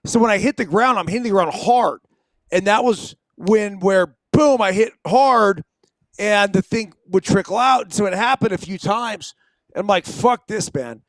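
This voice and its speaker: A man's voice: sits high, moderate pace, no echo. A middle-aged man co-hosting a baseball show, chatting casually and laid-back, often saying "dude". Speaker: co-host, former ballplayer.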